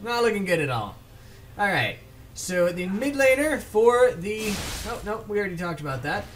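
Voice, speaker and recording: High-voiced casual male game caster. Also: sing-song, normal speed, a bit bright, a little hiss or hum. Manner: casual, rambling, trips over player names. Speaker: esports shoutcaster. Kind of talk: solo video game commentary.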